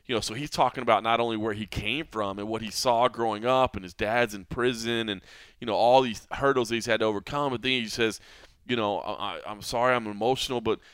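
A man's voice: on the low side, fairly even intonation, brisk, fairly bright tone, clear, resonant tone, no echo. A man hosting a podcast about mixed martial arts, talking in an earnest, reflective way, often saying "man" and "you know". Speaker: podcast host. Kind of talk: casual podcast chat.

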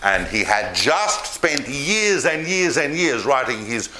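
Before a live audience, a man gives a history lecture, telling the story with animation and addressing listeners directly. He speaks slowly at a medium pitch.

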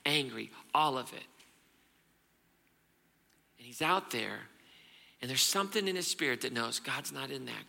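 A male pastor preaches in an animated storytelling style, dropping suddenly to a hush. His voice is deeply gravelly and very bright. A long hall reverb trails his words. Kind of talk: sermon.

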